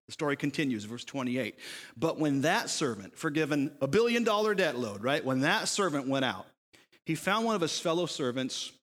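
A man preaching a sermon, telling a parable with rhetorical questions and acting out the characters' lines. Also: mid-range voice. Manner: animated storytelling, voicing characters in quotes, rhetorical questions. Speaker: pastor. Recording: long reverb of a hall.

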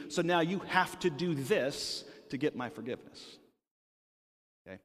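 A male pastor preaching a sermon in a conversational manner, often checking in with his listeners. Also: medium pitch. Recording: long hall reverb.

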